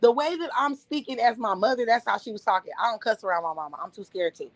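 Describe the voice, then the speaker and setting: A woman telling a family story on a livestream, profane and animated, laughing often. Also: a little high, quick pace, dry recording, rough recording. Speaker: streamer. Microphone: streaming microphone.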